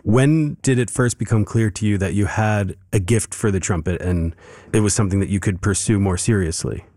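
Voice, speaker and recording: Guy hosting an interview, lowish voice, upbeat and encouraging, dry mic. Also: normal speed, no room sound. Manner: warm, encouraging, brief affirmations. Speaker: interview host. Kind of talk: radio interview.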